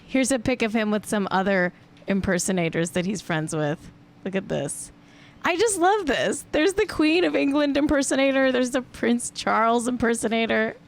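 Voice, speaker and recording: Chatty woman hosting a gossip show. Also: high voice. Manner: chatty and amused, heavy use of "like". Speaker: podcast host. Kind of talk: casual celebrity gossip chat.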